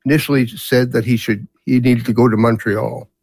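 A man's voice: medium pitch, level tone, normal speed, vocal fry, darkish tone, husky, dry recording. A man in his seventies who grew up in Canada, telling family stories as an interview guest in a rambling way with many fillers. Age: 70s. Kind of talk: storytelling in a casual interview.

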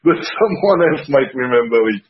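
A man's voice: mid-range voice, expressive, moderate pace, echoey room. Earnest man explaining on a call. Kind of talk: casual group voice chat. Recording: dull lo-fi call audio.

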